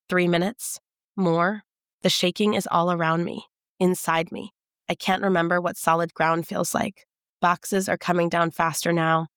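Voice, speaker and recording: A woman giving a measured, intimate first-person audiobook narration. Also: on the low side, a bit bright, clean tone, dry recording, studio quality.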